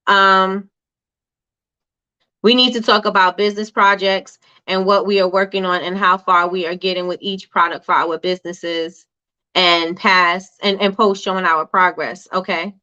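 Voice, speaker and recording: Female host, chatty and repetitive, bright crisp tone, muffled lo-fi recording. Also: mid-range voice, steady tone, moderate pace. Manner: conversational, repetitive, reads viewer comments aloud. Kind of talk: casual livestream business chat.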